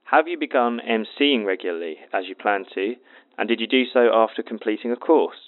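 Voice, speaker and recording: A man's voice: on the low side, brisk. A man hosting a podcast who asks matter-of-fact interview questions. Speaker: podcast host. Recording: tinny phone-like sound.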